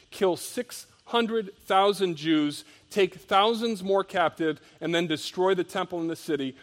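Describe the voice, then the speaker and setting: Male pastor preaching, slightly high voice, reads scripture then explains it with strong emphasis and quiet drops. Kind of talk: sermon.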